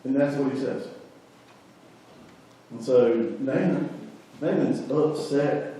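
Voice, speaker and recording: A male pastor gives a sermon as animated, conversational storytelling. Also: medium pitch, slow, distant mic, a little hiss or hum. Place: large church sanctuary. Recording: very echoey church, voice from afar.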